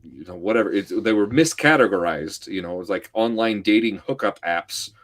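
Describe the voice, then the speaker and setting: A man chatting as a podcast guest, easygoing and quick to agree. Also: lowish voice. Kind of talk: casual chat.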